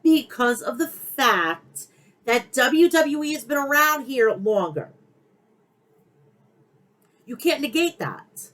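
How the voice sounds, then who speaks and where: A woman's voice: high-pitched, very animated, takes it slowly, long pauses, a bit bright, poor audio. A middle-aged woman hosting a podcast, ranting bluntly and heatedly about pro wrestling with heavy swearing. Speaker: podcast host. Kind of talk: wrestling opinion rant.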